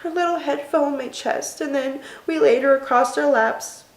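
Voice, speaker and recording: A young woman vlogger telling a personal story in an emotional, tearful, halting way. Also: high voice. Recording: echoey room.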